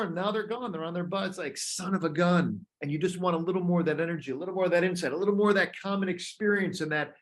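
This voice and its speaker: A man in his fifties, a coach talking casually to other coaches, telling animated stories and acting out little voices. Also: fast, hardly any pauses. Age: 50s. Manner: drops to a soft, low voice on key points. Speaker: coach leading a group call. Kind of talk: casual talk to fellow coaches.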